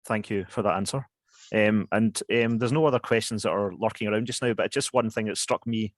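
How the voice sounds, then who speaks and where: Guy hosting a zoom q&a, kinda low voice, stumbly and apologetic, dry sound. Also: no room sound. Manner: halting, apologetic, many fillers. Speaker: event host. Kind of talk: hosting an online Q&A. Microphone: video call.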